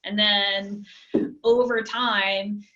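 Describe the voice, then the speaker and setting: A woman's voice: medium pitch, flat delivery, drawn-out words, pushed and bright, dull audio. A woman guest on a podcast, chatty and easy-laughing, talking through her work with casual fillers. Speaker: guest, marketing director. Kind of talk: casual interview.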